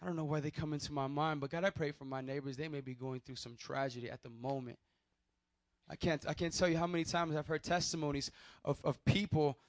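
Young guy preaching, chatty storytelling, fairly high voice, dry close sound. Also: fairly quick, no echo. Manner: conversational storytelling with restarts and acted quotes. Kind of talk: sermon with personal testimony.

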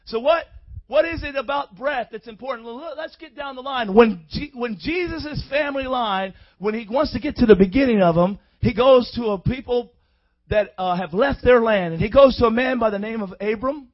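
High-voiced fervent preacher man, lo-fi. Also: normal speed. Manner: fervent, rhythmic, call-and-response. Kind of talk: sermon.

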